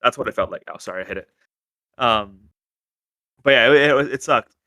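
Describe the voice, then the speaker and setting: A man co-hosting a casual podcast, telling stories in an animated way and swearing freely. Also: lowish voice, fairly quick, no room sound. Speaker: podcast co-host, car shop owner.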